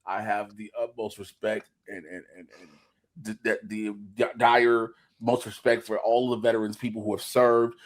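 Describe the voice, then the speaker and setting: A man co-hosting a casual podcast who cuts in with loud reactions and rambling mock-solemn asides. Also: lowish voice, flat delivery, moderate pace. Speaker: podcast co-host.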